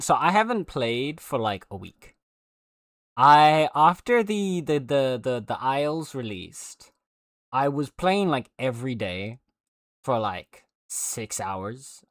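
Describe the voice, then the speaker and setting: A male streamer chats loosely with his viewers, wandering between thoughts and restarting his sentences. His voice sits at a middle pitch and is captured close and dry, with no room sound. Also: a bit bright, no echo. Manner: rambling, chatty, full of fillers and restarts. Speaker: livestreamer. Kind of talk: casual livestream chat.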